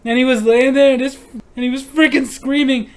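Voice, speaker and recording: A man's voice: extremely high pitch, steady tone, brisk, clear, resonant tone, pitched above the performer's own voice. A man doing a ranting, haunted war veteran. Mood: anguished. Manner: ranting, anguished outbursts.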